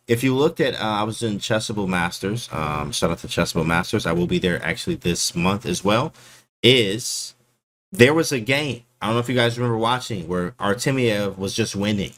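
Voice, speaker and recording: A man casually breaking down his chess game for his stream chat, slangy and animated, often calling people bro. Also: fairly low pitch, a little fast.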